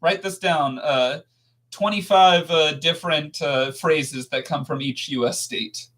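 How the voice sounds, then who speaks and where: A man's voice: on the high side, measured pace, a bit bright. A man co-hosting a casual live stream, playful and joking. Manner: playful, tries silly accents.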